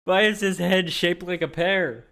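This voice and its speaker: A man's voice: sits high, a little slow, pushed and bright. A man giving playful reaction commentary while playing a game, joking, swearing and mimicking characters. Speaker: gaming streamer.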